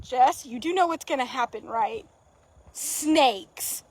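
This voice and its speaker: A woman's voice: high voice, slow, breathy edge, no echo, rough recording. A woman riding a horse outdoors, chatting casually and playfully putting silly thoughts into the animals' mouths. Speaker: horse trainer riding and narrating. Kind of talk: casual chat while riding. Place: outdoor horse barn or arena.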